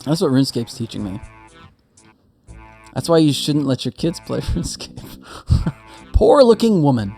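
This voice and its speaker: This gaming streamer jokes his way through casual commentary while he plays, rambling and laughing a lot. His mid-range voice has a creaky quality.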